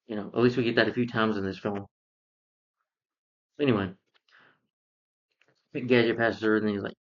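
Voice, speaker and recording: A man's voice: lowish voice, steady tone, normal speed, long pauses, highs cut off. A man casually reviewing a film, rambling through the plot with lots of fillers and restarts. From lives in Georgia, US.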